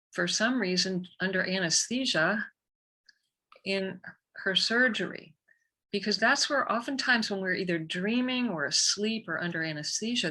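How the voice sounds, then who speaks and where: A woman guest on a podcast, an energy healer telling a story in a lively, conversational way. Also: mid-range voice. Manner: animated, vivid storyteller.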